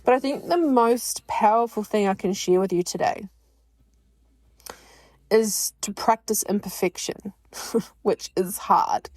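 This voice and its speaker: Podcast host, woman, 40s, frank and unfiltered, swears easily, laughs a lot, medium-pitched voice, dry recording. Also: slow, long pauses, darkish tone, no echo. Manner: blunt and frank, swears freely; laughs often while talking. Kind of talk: candid personal monologue.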